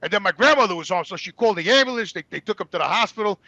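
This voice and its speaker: This older New Yorker, somewhere in his sixties, talks very fast in a high voice, spinning blunt, profane, animated stories from his days as a talk show guest. The lo-fi audio carries no room sound, and the feel is casual storytelling.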